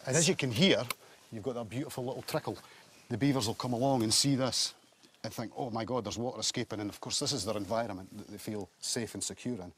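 A man's voice: medium pitch, fast, a bit bright, a little hiss or hum. A man guiding a walk outdoors by a pond, explaining things in a friendly way. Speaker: rewilding guide. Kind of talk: guided outdoor walk-and-talk. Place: outdoors by a beaver dam and pond.

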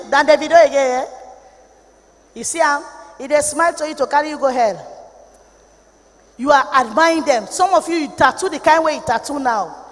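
A woman with a Nigerian accent preaching an impassioned sermon, moving from low warnings to shouted rebukes. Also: normal speed, long pauses, long reverb tail.

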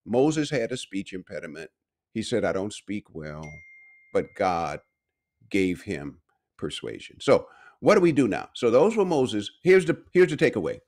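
A man preaching a morning devotional with a lively, swinging pitch that sits a little low. He leans hard on repeated phrases and drives each point home. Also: unhurried. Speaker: pastor and university speaker. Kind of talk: devotional sermon.

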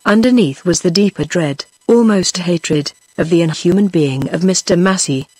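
A text-to-speech woman's voice with a British English accent, reading a novel aloud in a steady synthetic tone that stays the same for every character. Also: on the low side, normal speed, slightly rough, no room sound, low-quality recording. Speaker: audiobook narrator.

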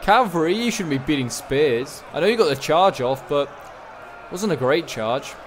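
A man giving casual, excitable play-by-play commentary on a strategy game battle, rambling with lots of fillers. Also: on the high side, moderate pace, a little hiss or hum. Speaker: gaming channel host.

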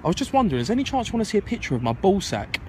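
A man's voice: sits high, big pitch swings, rapid-fire, darkish tone, a little hiss or hum. A man doing street pranks, teasing strangers in a cheeky way and laughing often. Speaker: prank video host. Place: busy city street outdoors.

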